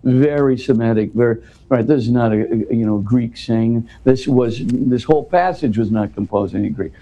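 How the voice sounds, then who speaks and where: An earnest man talks through a detailed explanation in conversation, often repeating and restarting words as he goes. His voice is mellow and relaxed at an ordinary pitch. The recording sounds slightly dull and lo-fi. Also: normal speed. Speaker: interview guest.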